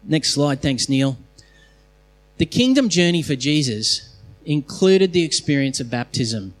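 A pastor preaching a sermon to his congregation, emphatic, with quick bursts of speech and slow stressed phrases, sometimes restarting mid-sentence. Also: on the high side, big pitch swings. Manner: restarts and trips over phrases mid-thought. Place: church hall, in front of a congregation.

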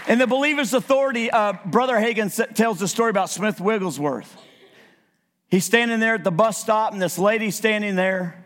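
A man preaching a sermon as a visiting evangelist, animated and acting out quotes in his stories. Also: high-pitched, a little fast, some chatter behind. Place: church. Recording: church sanctuary with long reverb.

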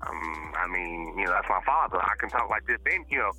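A middle-aged man talking as a guest on a casual podcast, animated and quick to restart his sentences. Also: low voice, breathy edge, faint music behind, low-quality recording. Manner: animated, talks in bursts with repeated starts.

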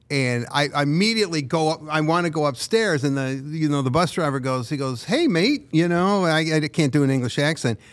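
A man co-hosting a sports podcast, telling long, meandering stories in casual chat. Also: mid-range voice. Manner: rambling, meandering storyteller. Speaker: podcast co-host.

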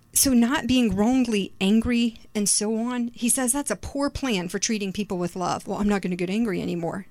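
A middle-aged woman with a slightly high voice preaching a chatty sermon. She talks loosely and conversationally, full of "like" and filler words. The sound is dry and close. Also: a little mellow, no room sound. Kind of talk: sermon with personal story.

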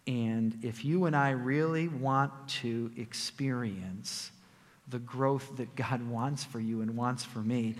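A man preaching a sermon as a pastor, swinging from loud emphatic peaks to quiet low asides. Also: big-room sound.

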